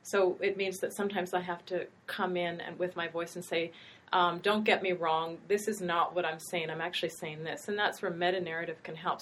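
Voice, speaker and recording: Middle-aged woman writing instructor hosting a talk, lowish voice, musing delivery, faint hiss behind. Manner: thoughtful, meandering, with hesitations. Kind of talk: casual academic conversation.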